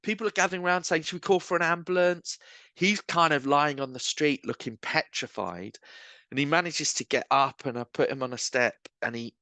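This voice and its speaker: A man, a street evangelist, telling lively self-mocking anecdotes in casual chat. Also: mid-range voice, moderate pace, dry recording. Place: pub bar.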